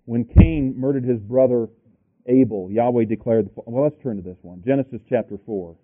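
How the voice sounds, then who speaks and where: A man preaching a sermon, reading scripture aloud and thinking aloud between verses with halting restarts. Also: mid-range voice. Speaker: pastor. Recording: tinny lo-fi sermon tape.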